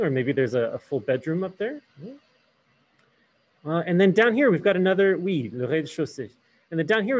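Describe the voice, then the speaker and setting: A man's voice: high-pitched, darkish tone. A man teaching a hybrid French class, switching between English and French and asking the students questions.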